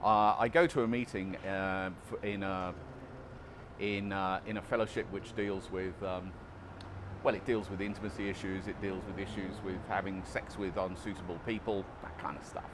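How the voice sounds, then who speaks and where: A man's voice: sits low, fairly even intonation, moderate pace, noisy background. A man vlogging casually outdoors about recovery, chatty and self-deprecating, often restarting his sentences. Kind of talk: casual vlog monologue.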